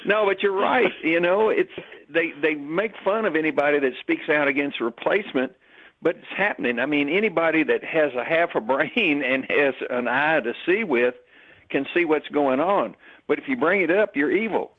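A man's voice: a little high, normal speed. A man talking in casual chat, emphatic and full of rhetorical questions. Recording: tinny phone-like line.

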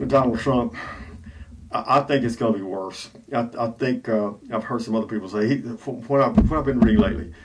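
A man hosting a radio show, talking in a rambling, halting, preachy way full of filler sounds. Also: fairly low pitch, low-quality recording. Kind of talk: rambling talk radio monologue. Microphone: home broadcast setup.

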